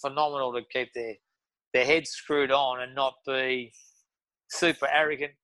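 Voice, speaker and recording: A man's voice: mid-range voice, little pitch movement, normal speed, sharp tone, no echo, rough recording. A man with an Australian accent telling stories as a podcast guest, rambling with lots of restarts and fillers. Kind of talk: casual storytelling.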